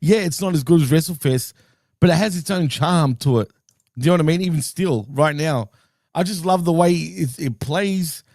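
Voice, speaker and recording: A man's voice: fairly high pitch, moderate pace, darkish tone, no echo. A man co-hosting a podcast in casual chat, enthusiastic and nostalgic, laughing often. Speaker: podcast co-host.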